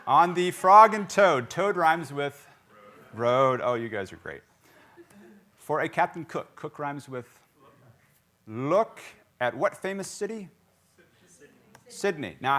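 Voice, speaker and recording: A man raised in South Carolina, preaching a sermon in a church and quizzing the congregation with jokes. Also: medium pitch. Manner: lively, joking, quizzing the congregation. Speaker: pastor. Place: church sanctuary.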